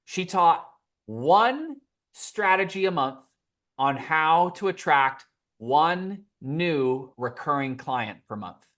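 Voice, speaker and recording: Animated male guest telling stories. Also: a little high, slow. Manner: animated, acts out quoted dialogue. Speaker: podcast guest. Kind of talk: storytelling interview answer.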